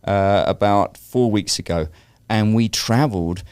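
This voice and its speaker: A man in his fifties with a London accent chats through his stories as a podcast guest, dropping wry asides as he goes. His voice sits low and comes across smooth and clear. The sound is close and dry. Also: a little slow, darkish tone, no room sound. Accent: London English. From London, England. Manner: chatty anecdotal storyteller, wry asides. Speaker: guest, real estate broker. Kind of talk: casual interview chat.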